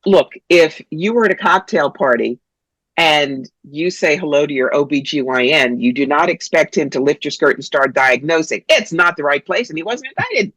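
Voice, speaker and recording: Blunt, animated woman storyteller. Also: deep voice, moderate pace, no echo, rough recording. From New York. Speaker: psychic, guest. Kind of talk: interview, storytelling.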